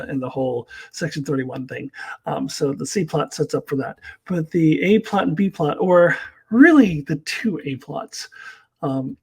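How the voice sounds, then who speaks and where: A man's voice: fairly high pitch, breathy edge, poor audio. A man giving a rambling, casual spoken review of TV episodes, with frequent fillers and laughs.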